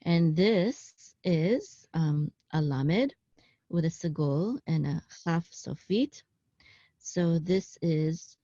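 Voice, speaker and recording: In a casual online class, a Hebrew teacher with a somewhat low, mellow voice walks learners through a passage shown on screen. She is halting, often saying um, correcting herself and checking in with "okay?". The audio sounds dull and dry, like a small, dead room.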